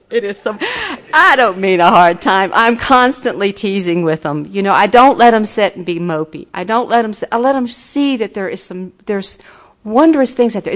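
A woman's voice: mid-range voice, lo-fi sound. An older woman giving an earnest, folksy personal testimony at a recovery meeting. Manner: earnest, folksy, turns enthusiastic and laughing.

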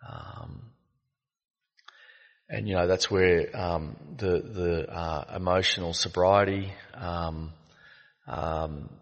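Deep-voiced man sharing in an echoing hall. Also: a bit bright. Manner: reflective, storytelling with halting fillers. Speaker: recovery meeting speaker. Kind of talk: personal share at a recovery meeting. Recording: long echo of a meeting hall.

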